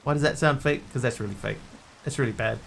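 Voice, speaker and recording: Chatty gravelly-voiced man streaming a game. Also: mid-range voice, fast talker, a bit bright, slight background noise. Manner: chatty, jokey, talks to chat while playing. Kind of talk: casual gameplay commentary.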